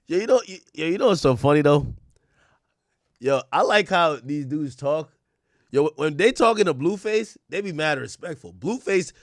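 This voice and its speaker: A male streamer riffing to his chat in loose, slang-heavy commentary, laughing as he goes. His voice swings widely and sits a little high, and the close microphone sounds completely dry. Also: dry recording. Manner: excitable, slangy, laughs often. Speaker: streamer reacting to clips. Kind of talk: animated casual commentary to chat.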